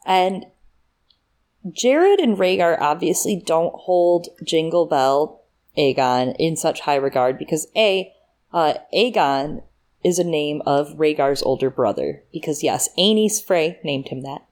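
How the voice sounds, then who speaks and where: A woman with a fairly low voice talks on a podcast. She thinks aloud, explaining details step by step with casual fillers. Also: animated, measured pace, darkish tone. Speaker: podcast co-host. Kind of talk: casual chat.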